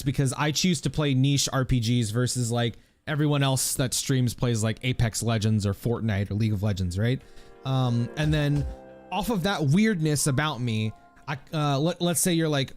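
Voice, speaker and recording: A man's voice: fairly high pitch, lively intonation, normal speed, soft background music. A young man from the Philippines chatting casually and rambling to his viewers while he streams a game. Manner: rambling, chatty, lots of fillers, laughs often. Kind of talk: casual live-stream chat while gaming.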